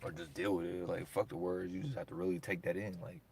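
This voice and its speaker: A man, ranting in a rambling solo monologue, profane and heated, swinging between loud bursts and low mutters. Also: level tone, fast talker, creaky, a little hiss or hum. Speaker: monologuing creator.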